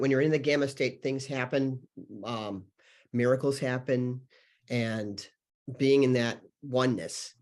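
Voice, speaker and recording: A man guest on a spiritual podcast, telling stories earnestly and rambling with many fillers. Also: medium pitch. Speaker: podcast guest, healer and channeler. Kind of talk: spiritual interview conversation.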